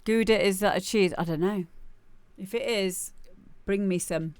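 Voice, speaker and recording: A woman's voice: mid-range voice, a little slow, smooth, dry recording. Chatty woman hosting a show. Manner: chatty, jokey, bursts into loud shouts when mimicking. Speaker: radio show host playing listener demos. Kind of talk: casual live-stream chat.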